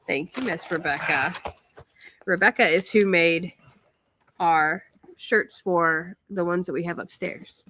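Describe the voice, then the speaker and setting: A woman's voice: on the low side, expressive, slow pace, sharp tone, a little hiss or hum. A woman, hosting a casual chat, bubbly and giggly as she reads fan letters aloud. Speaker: host opening fan mail.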